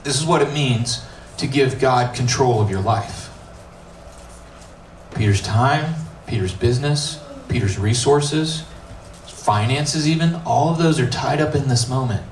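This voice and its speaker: A man who is a middle school pastor gives a youth sermon, telling the story with animated, casual acted-out dialogue. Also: medium pitch, unhurried, a little hiss or hum. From United States. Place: church youth room. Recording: echoey room, mic at a distance, faint ambience.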